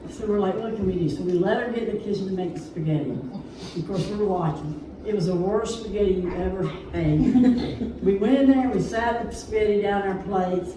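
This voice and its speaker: A woman telling family stories in a quick, amused way. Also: mid-range voice. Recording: distant mic, echoey hall, clear noise.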